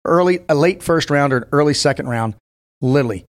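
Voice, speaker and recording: A man's voice: fairly high pitch, fast. A man in his fifties, a former Navy SEAL guest, telling blunt, profane stories in casual podcast chat. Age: 50s. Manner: blunt, profane, storytelling with emphatic bursts.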